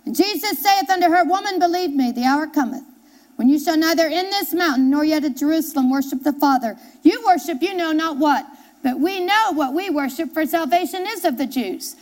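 Very high-voiced woman preaching a sermon. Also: fairly quick, a little mellow. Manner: emphatic, repeats key phrases, asks the congregation questions. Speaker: pastor. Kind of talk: sermon with scripture reading.

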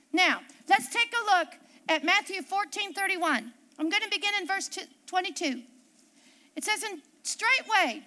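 Middle-aged lady pastor preaching, really high voice, animated, reads verses slow. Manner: animated, reads scripture slowly and acts out quoted voices. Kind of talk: sermon with scripture reading.

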